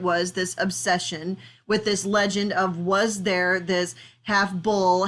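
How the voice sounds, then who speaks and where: A woman's voice: medium pitch, fairly bright tone. A woman giving a recorded art history lecture, explaining in a conversational way with frequent fillers and asides.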